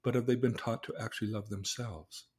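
A man's voice: fairly low pitch, fairly even intonation, a little fast, a little mellow, breathy edge. An older man, a counselor, earnestly recounting a session with a client and acting out the dialogue in casual conversation. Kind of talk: storytelling in a conversation.

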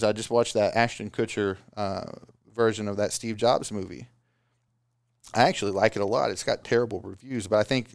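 Gravelly-voiced man giving business advice. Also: lowish voice, dry recording, studio quality. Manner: animated, does mocking voices of excuses. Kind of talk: casual motivational talk.

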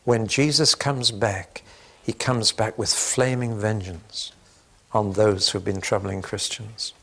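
An older man preaching a sermon, teaching through a Bible letter in a measured, emphatic way with touches of dry humor. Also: lowish voice, steady tone, creaky, bright, forceful tone.

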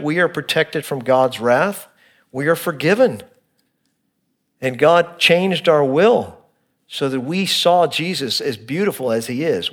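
A pastor preaching in a fairly high male voice, middle-aged and earnest. He moves between emphatic points and quiet, hushed stretches as he explains a text. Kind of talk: expository sermon.

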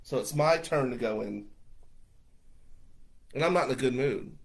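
A man with a gravelly, husky voice tells a story straight to the camera. His pitch sits mid-range, and his delivery is loose, animated and blunt, with swearing. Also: measured pace, low-quality recording.

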